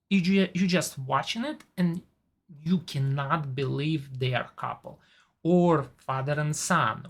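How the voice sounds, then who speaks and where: A woman in her forties speaks English with a non-native accent in a low, gravelly voice. She talks slowly and chats casually about shows and actors she loves, keen and unhurried. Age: 40s. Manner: chatty, enthusiastic about actors. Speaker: TV and movie reviewer. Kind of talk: casual chat.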